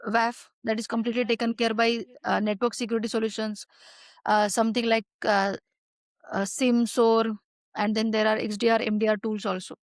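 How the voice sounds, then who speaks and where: A woman with a fairly high voice talks through her answers as a guest expert, pausing often on fillers and restarting her sentences. The sound is dry and close, with no room echo behind her. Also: flat delivery. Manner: hesitant, many fillers and restarts. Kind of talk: conversational interview answers.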